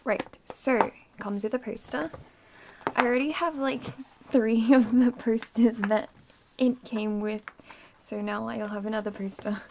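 Young woman, home unboxing vlog, gushing and whispery, some vocal fry, faint background noise. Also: fairly high pitch, fairly even intonation, unhurried. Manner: gushing, rambling, often whispering in awe. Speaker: vlogger unboxing an album. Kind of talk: excited unboxing chatter.

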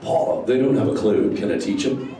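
A man's voice: medium pitch, a little fast, slight background noise, natural voice. A man voicing a laid-back male surfer-dude sea turtle in a live improvised show, with a goofy drawl that keeps calling everyone "dude". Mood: stoked. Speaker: live interactive show character. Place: large indoor theater with an audience. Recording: echoey theater audio from far off, loud crowd.

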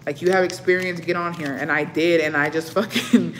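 A young woman chats casually, telling profane stories full of swearing, switching between English and Spanish, and animatedly acting out what people said. Her voice is fairly low and a little fast, with a slight hiss or hum.

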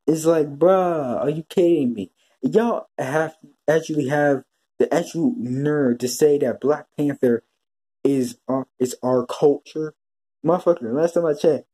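A vlogger delivers an exasperated, profanity-laced rant, circling back and restarting his sentences as he goes. His voice is very dark and mellow, with a husky, rough edge. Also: mid-range voice. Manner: repetitive, with frequent restarts. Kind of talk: ranting commentary vlog.

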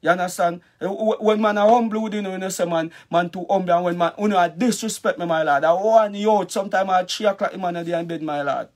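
A man's voice: sits high, quick pace, few pauses, darkish tone. A Jamaican man, a dancehall artist, ranting angrily in a vlog, cursing and calling the listener brother over and over. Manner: angry, cursing, repetitive address of the listener. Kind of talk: heated vlog rant.

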